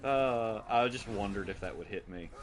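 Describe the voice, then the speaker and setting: A man playing a co-op game and chatting about it casually, excitable as he comments on the action. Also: on the low side, normal speed. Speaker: co-op gameplay streamer. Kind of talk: casual gaming chat.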